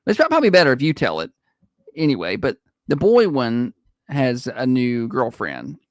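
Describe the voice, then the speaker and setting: A man co-hosting morning radio, joking and teasing in a relaxed, chatty way. His mid-range voice rises and falls a lot. He sounds close and dry on a studio mic. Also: medium pitch, normal speed, no room sound. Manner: teasing, playful, often laughing. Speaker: radio morning show co-host. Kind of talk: casual on-air banter.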